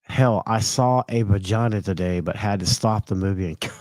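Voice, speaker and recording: A man's voice: on the low side, normal speed, darkish tone, dry recording. A man hosting a casual commentary stream, laughing often and mocking people with lots of swearing. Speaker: streamer host.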